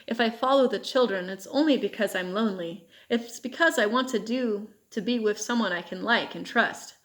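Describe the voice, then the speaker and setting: A woman's voice: fairly high pitch, normal speed, fairly bright tone, lightly acted. A woman reading as a pleading captive soldier. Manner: pleading, insistent. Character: desperate young male Polish soldier captive.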